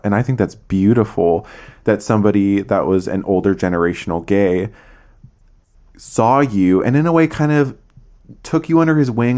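Playful low-voiced male host. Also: a little mellow. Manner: effusive, playful and teasing. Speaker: podcast host. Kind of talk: casual interview chat.

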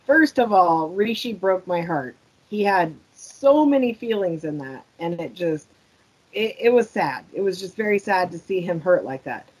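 A woman's voice: fairly low pitch, animated, normal speed, husky, rough recording. A woman cohosting a podcast, giving her earnest, thoughtful take in casual chat. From United States. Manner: earnest, thoughtful, frequent agreeing replies.

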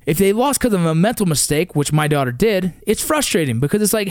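High-pitched and animated at a moderate pace, this man's voice comes through clean, studio-recorded, with no room sound. He's in his thirties, hails from the San Fernando Valley in California, and fathers young athletes; his motivational tirade is blunt, intense, profane, and driven by repetition.

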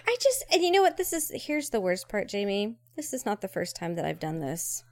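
A woman's voice: mid-range voice, brisk, dry recording. A woman co-hosting a casual chat, telling stories in a rambling way full of fillers. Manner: rambling, lots of fillers like "you know", expressive. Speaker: podcast co-host.

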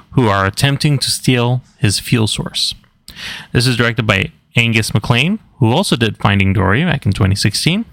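A man's voice: mid-range voice, gravelly, fairly bright tone, no room sound. A man co-hosting a movie podcast, reading a film's details in a matter-of-fact way. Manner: matter-of-fact, reads credits briskly. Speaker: podcast co-host. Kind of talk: casual movie review chat, reading a synopsis.

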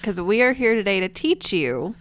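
A woman's voice: medium pitch, sing-song, normal speed. A young adult woman with a Southern US accent, co-hosting a podcast in casual chat, bubbly and giggly. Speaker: podcast co-host.

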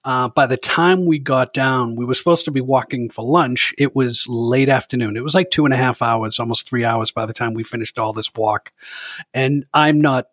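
A man's voice: mid-range voice, normal speed, fairly bright tone, no echo. A man in casual chat, telling a rambling story.

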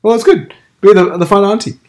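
A man's voice: sits high, steady tone, brisk. A young man co-hosting a podcast in casual chat, teasing his co-host and repeating his points.

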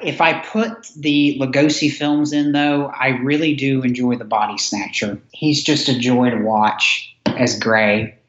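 A man's voice: medium pitch, fairly even intonation, unhurried, few pauses, fairly bright tone. A man, a podcast guest, chatting enthusiastically about old films, rambling with restarts. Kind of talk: casual chat. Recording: roomy, dull lo-fi sound.

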